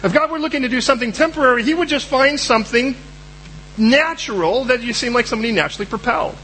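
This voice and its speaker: Preacher, male, high voice, animated delivery, acts out characters, slight background hum. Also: quick pace, poor audio. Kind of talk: sermon.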